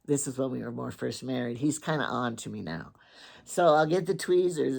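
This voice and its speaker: On her casual morning show, a Wyoming woman chats away with rambling, playful stories about her husband. Her voice is extremely low-pitched, gravelly and slightly mellow, delivered at a normal pace in this relaxed storytelling monologue.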